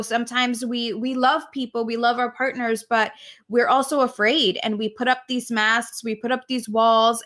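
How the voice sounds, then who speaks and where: A woman co-hosts a casual podcast conversation, speaking with an effusive, heartfelt warmth and frequent laughter. Her voice sits a little high and sounds bright and sharp. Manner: warm, gushing, laughs often. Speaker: podcast co-host.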